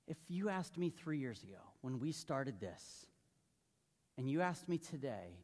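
A male pastor with a mid-range voice delivers a sermon in a church sanctuary, speaking a little slowly and mellowly with big swings in pitch. His style is loose and conversational, full of jokes and questions for the congregation. The recording carries the long reverb of a large hall.

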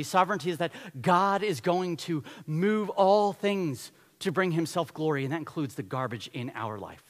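A male pastor delivering a sermon, telling a Bible story with lively storytelling and acted-out voices. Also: fairly high pitch, normal speed, hardly any pauses, big-room sound. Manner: animated storytelling, acts out voices.

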